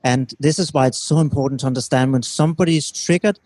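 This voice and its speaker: A man giving a calm, teacherly explanation as a guest in an interview, often checking in with his listener. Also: medium pitch, quick pace, no echo. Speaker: relationship expert guest.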